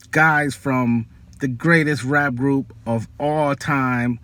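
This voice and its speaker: A man telling a personal story in a casual, animated way, full of fillers and excited asides. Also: medium pitch, very slow, dry recording. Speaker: storyteller vlogger.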